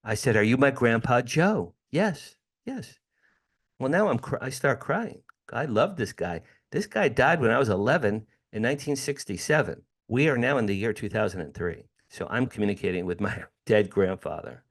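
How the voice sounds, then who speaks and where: A middle-aged man, a guest in an interview, telling a personal story with animated, dramatic delivery. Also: mid-range voice, brisk, hardly any pauses.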